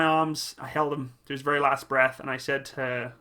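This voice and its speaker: A man hosting his own channel, speaking in a halting, emotional way with many pauses and restarts as he gives a personal tribute. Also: mid-range voice, fairly even intonation, sharp tone. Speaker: channel host.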